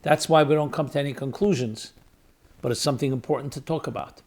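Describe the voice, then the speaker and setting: Fast and mid-pitched with a darkish tone, this man is a rabbi who hosts a podcast. In his emphatic spoken lecture he leans on repeated key words and poses rhetorical questions as he weighs arguments aloud.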